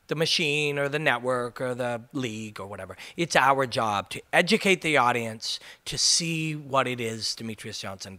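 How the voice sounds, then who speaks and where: A man's voice: medium pitch, pushed and bright. A man hosting a ranting MMA commentary video, passionate and emphatic, swearing for punch.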